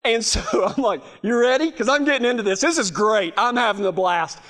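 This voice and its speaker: A middle-aged man tells humorous stories in a talk, laughing often and restarting his sentences as he goes. His voice sits high, he speaks fairly quickly, and he's an animated storyteller.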